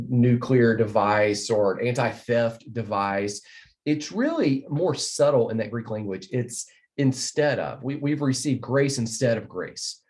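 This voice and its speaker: A man's voice: fairly low pitch, darkish tone. Earnest man teaching a Bible lesson. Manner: earnest, explanatory, repeats key phrases. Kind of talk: recorded Bible lesson with slides.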